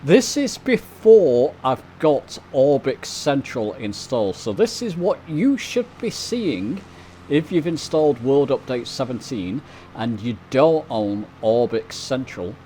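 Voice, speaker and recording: A UK man hosts a flight sim video, chatting casually to viewers while he flies and comments on the gameplay. His mellow voice is mid-range, and the rough recording carries a little hiss or hum.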